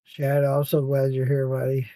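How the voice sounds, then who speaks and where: Late-night podcast host, male, tired and loose, swears a lot; mellow dark timbre, dry room. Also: mid-range voice, monotone, normal speed, no room sound. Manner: rambling, swearing, laughing with viewers. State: tired, yawning. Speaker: podcast host reading live chat. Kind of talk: casual livestream chat.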